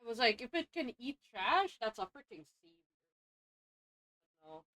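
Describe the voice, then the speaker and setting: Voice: medium pitch, big pitch swings, a little slow, pushed and bright, no echo, poor audio. A co-host of a gaming stream, joking and exclaiming in casual chat. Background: faint game music.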